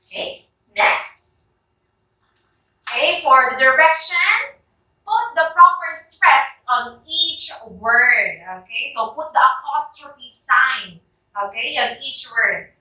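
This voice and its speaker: A woman's voice: high-pitched, animated, slow pace, bright, forceful tone. A woman with a Filipino English accent teaching a class, calling on students by name and checking that they understand. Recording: very echoey classroom from far off.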